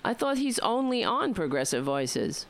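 A woman's voice: on the high side, sing-song, a little slow. A woman with a New York accent hosting a political talk radio show, chatting to listeners in a rambling, wry way.

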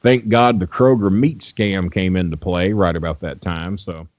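An older man with a low voice tells rambling, blunt stories on a radio show. His speech is full of fillers and restarts. The dry, dull lo-fi audio sounds like an old broadcast. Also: fairly even intonation, moderate pace, darkish tone, no room sound. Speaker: guest wrestling manager. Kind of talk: storytelling in a radio interview.

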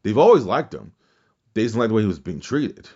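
Speaking fast and very animated, the man has a voice on the low side with a darkish, breathy edge, and the recording is muffled. He hosts a casual wrestling podcast where he rambles through his views, curses freely, restarts sentences, and imitates quotes.

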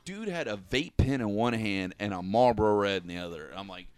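This man speaks a little fast in a lowish register, spinning a lengthy, foul-mouthed tale for his friends as a podcast co-host. Laughing as he goes, he voices each character's lines with lively energy.

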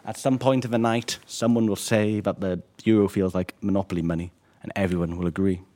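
A man, an author, reading his own fiction in a measured, wry way and answering questions. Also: sits low, steady tone, warm tone.

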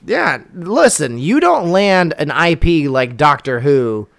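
A man's voice: on the high side, big pitch swings, slow pace, creaky, a bit bright. A young man chatting casually as a podcast co-host, rambling and wry, with lots of fillers and restarts. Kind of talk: casual chat.

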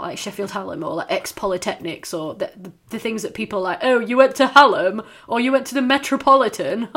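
A woman's voice: medium pitch, fairly bright tone, breathy edge. A woman, chatting casually and swearing freely as a podcast co-host. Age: 30s. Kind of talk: casual chat.

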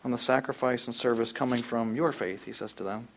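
A man preaching a sermon, animated, acting out quoted voices in loud, high bursts. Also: a little fast. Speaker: pastor.

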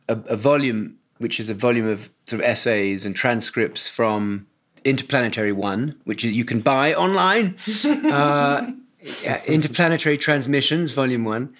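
A man's voice: medium pitch, fairly bright tone. A middle-aged man with an English accent, a podcast guest chatting in a wry, self-deprecating way with frequent restarts. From born in Hawaii, raised in Portugal and England. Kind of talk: casual podcast chat.

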